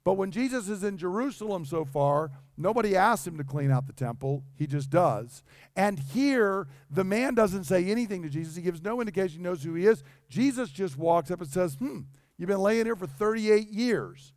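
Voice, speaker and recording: A man's voice: high voice, lively intonation, brisk, a little mellow, no room sound, studio quality. A man preaching a sermon in a conversational way, acting out the dialogue he quotes. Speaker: pastor.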